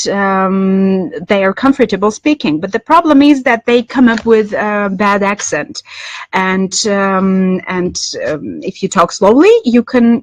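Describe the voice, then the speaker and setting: A woman English lecturer teaching business English, explaining in a measured way with frequent ums and restarts. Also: mid-range voice, no room sound. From Armenia.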